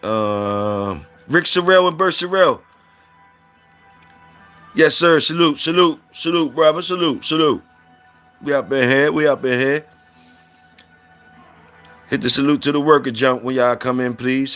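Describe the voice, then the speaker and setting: A man's voice: mid-range voice, unhurried, long pauses, a bit bright, faint music behind. Drawling man hosting a livestream. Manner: loose, drawling, repeats himself, salutes viewers. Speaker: livestream host reading viewer comments. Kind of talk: casual livestream chat.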